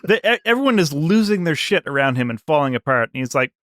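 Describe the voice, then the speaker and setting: A man's voice: a little high, big pitch swings, quick pace, fairly bright tone, no room sound, clean studio sound. A man guesting on a comics podcast who chats in a wry, easygoing way. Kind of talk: casual comics discussion.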